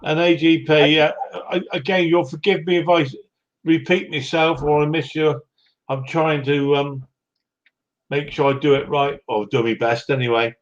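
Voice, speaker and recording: A man's voice: fairly high pitch, level tone, normal speed, dull audio. A man hosting a casual group video call, friendly and teasing, calling everyone mate. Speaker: livestream host.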